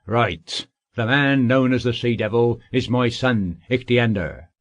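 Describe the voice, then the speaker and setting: A man's voice: mid-range voice, a little slow, dry recording, clean studio sound, close to an everyday voice. A man voicing an angry, stubborn father in an audiobook, speaking bluntly and insistently.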